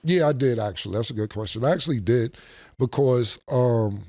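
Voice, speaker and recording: A man as a guest in a casual interview, telling animated, streetwise stories and laughing between them. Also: mid-range voice, brisk, no echo, clean studio sound.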